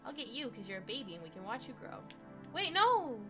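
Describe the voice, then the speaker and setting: A woman's voice: medium pitch, lively intonation, racing, music in the background. A young woman from the US Midwest chatting casually on a gaming live stream, rambling through stories and talking to game animals as she plays.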